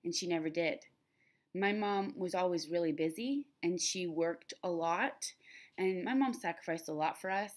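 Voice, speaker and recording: A woman's voice: fairly low pitch, normal speed. A young adult woman talking candidly and emotionally to her camera in a personal vlog, rambling from thought to thought. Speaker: vlogger.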